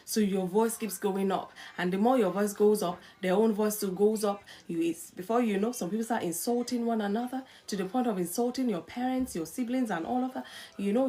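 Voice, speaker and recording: A middle-aged woman hosting a live-stream talk on marriage, coaching listeners in an earnest, animated way. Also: medium pitch. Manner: animated, acts out quarrelling spouses in quotes. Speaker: host.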